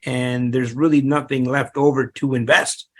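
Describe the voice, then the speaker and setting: A man's voice: mid-range voice, level tone, moderate pace. A middle-aged man, a real estate investor, telling his story in an interview, rambling with many restarts and fillers.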